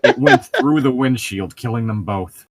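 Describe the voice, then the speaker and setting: While his group reads a book aloud on a casual podcast, this co-host jokes, riffs sarcastically and laughs often. He speaks unhurriedly in a mid-range voice with huge swings in pitch.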